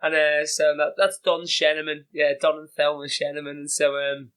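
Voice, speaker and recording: British man, somewhat high voice, bright tone, rambling casual storytelling. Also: flat delivery, normal speed, clear, resonant tone, rough recording. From Britain. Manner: rambling, many fillers and restarts. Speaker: ultra-distance runner, podcast guest.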